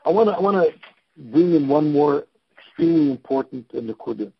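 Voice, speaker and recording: Emphatic husky man coaching. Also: fairly high pitch, lively intonation, a little fast, no echo, dull audio. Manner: emphatic, instructive, repeats key points. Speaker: guest, time management coach. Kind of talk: podcast interview.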